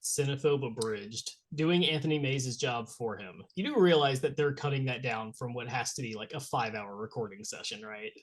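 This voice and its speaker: A man's voice: mid-range voice, moderate pace, hardly any pauses. A married man co-hosting a podcast, with dry, wry banter in casual chat. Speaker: podcast co-host.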